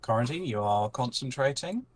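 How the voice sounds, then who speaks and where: A man acting as game master, calmly calling turns and checking the rules aloud. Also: mid-range voice, moderate pace. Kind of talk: running a tabletop game.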